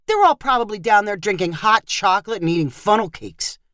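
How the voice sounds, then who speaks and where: A woman's voice: mid-range voice, lively intonation, brisk, fairly bright tone, dry recording, studio quality, lightly acted. A woman voicing a complaining, flippant young man. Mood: whiny. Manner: whiny, complaining.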